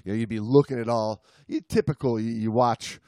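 A man's voice: mid-range voice, fairly even intonation, fairly quick, warm tone, dry recording, clean studio sound. Rambling male podcast co-host. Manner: rambling, lots of you-knows, mock accents for laughs. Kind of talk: casual chat.

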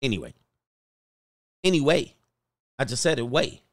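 A man's voice: medium pitch, very animated, moderate pace, no room sound, studio quality. A man hosting a casual livestream, joking and rambling and often laughing as he talks. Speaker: host.

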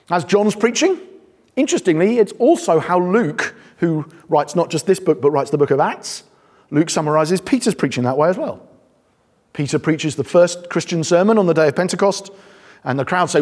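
A man's voice: on the high side, lively intonation, normal speed, darkish tone. A British man preaching a sermon in a church hall, conversational and emphatic, with dry humour. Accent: British English. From Britain. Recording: long hall reverb.

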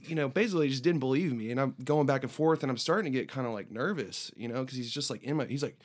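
A man telling a story in casual chat as a musician guest, animated and acting out the people in it. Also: quick pace. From United States. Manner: animated anecdote teller, voices border guards with raised pitch.

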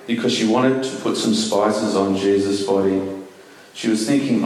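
A man giving a children's talk in church, asking questions and telling the story with lively energy. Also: lowish voice, normal speed. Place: large church hall. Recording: echoey hall, mic at a distance.

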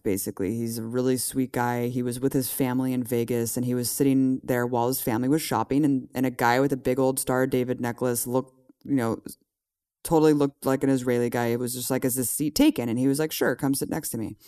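Podcast guest: man, animated storyteller, mid-range voice, casual chat. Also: medium pitch, clear, resonant tone. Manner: animated storytelling, rising to exasperated emphasis.

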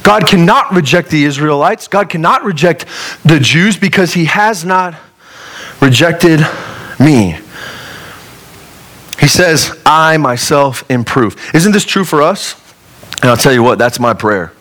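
A man's voice: fairly high pitch, expressive, measured pace, long pauses, a bit bright, rough recording. A male pastor preaching a sermon in a conversational way, with joking asides.

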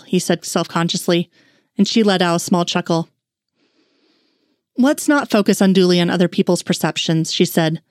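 A woman's voice: mid-range voice, darkish tone, dry recording, clean studio sound. A woman narrating a fan fiction story aloud, reading the dialogue with light shifts of tone. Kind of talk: audiobook narration.

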